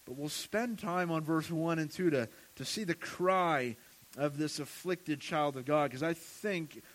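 A man's voice: a little high, unhurried, a bit bright. A man preaching a sermon in an earnest way, often repeating words as he goes. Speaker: pastor.

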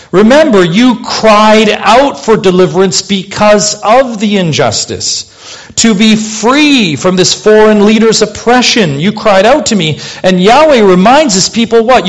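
Earnest preaching man, higher voice. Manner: earnest preaching with rhetorical questions; swings between loud emphasis and quiet asides. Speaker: pastor. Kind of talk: sermon.

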